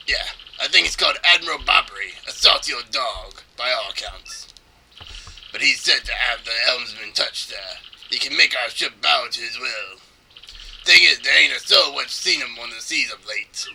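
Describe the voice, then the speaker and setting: A man voicing a gruff old male sailor with a put-on pirate accent, speaking respectfully to his captain. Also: medium pitch, moderate pace, pushed and bright. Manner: respectful, salty talk.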